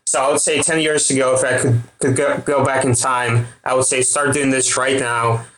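A thirty-something man with a Russian accent answers a podcast host's questions. He pauses a lot and restarts his sentences, and his mid-pitched voice echoes in a roomy space. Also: level tone, a bit bright. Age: 30s. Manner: hesitant, many fillers and restarts. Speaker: startup founder guest.

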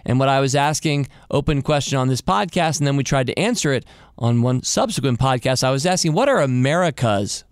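A man's voice: medium pitch, lively intonation, a little fast, dry recording, clean studio sound. A man hosting a podcast interview, enthusiastic and often repeating his opening words. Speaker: podcast host. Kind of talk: conversational interview.

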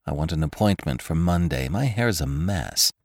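A man voicing a vain, excitable woman with a raised, shrill tone. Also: normal speed, no echo, clean studio sound. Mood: flustered. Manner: raised pitch, shrill exclamations. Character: fussy, flighty adult woman, vain and excitable.

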